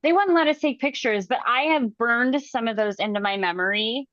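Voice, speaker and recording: A woman's voice: on the high side, normal speed, fairly bright tone, no room sound, highs cut off. A woman in casual chat, explaining at length with trailing restarts. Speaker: guest.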